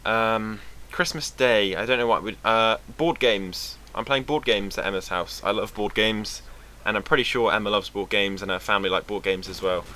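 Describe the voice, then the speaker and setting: A young British man from England talking to camera in a casual, rambling vlog, sarcastic and quick to swear. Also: lowish voice, sharp tone. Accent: British English. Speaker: vlogger.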